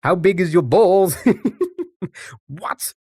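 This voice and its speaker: A man's voice: high-pitched, slow pace, warm tone, slightly rough, no room sound, clean studio sound. A man streaming live, chatting casually with viewers and thinking aloud while guessing words. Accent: non-American English.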